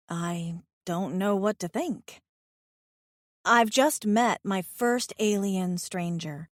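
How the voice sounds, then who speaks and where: A woman narrating a romance audiobook in the first person, in a measured, reflective way. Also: mid-range voice, no room sound, studio quality.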